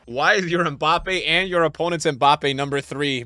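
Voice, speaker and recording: A young man giving live commentary on a football video game as he plays, swinging from mumbled asides to loud outbursts. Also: on the high side, a little slow, hardly any pauses, no echo. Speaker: gaming streamer.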